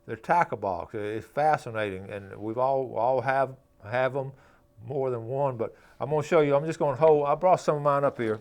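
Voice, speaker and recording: A folksy local fishing show host walks through a demonstration step by step, chatting casually and often tacking "okay?" onto his sentences. His mid-range voice has a darkish tone and moves at normal speed.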